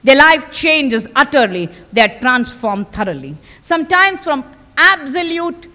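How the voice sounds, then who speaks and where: A woman's voice: high-pitched, big pitch swings, a little slow. Older woman preaching in a reverberant hall. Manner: emphatic, with repetitions and dramatic drops to a hush. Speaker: spiritual teacher giving a discourse. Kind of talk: devotional discourse with storytelling.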